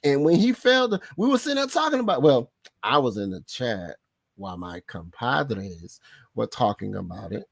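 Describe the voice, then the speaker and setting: A man hosting a casual sports podcast, excitable and slangy, laughing often as he talks. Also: mid-range voice, normal speed, gravelly, breathy edge, no echo, clean studio sound. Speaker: podcast host.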